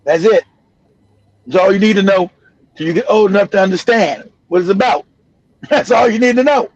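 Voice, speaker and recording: A middle-aged man talks bluntly on a live stream. His voice sits high for a man and he keeps driving his point home with repeats. The sound is dry and a little muffled. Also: moderate pace, husky, no echo. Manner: blunt, emphatic, repeats himself, laughs often. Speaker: show host. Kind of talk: casual live-stream commentary.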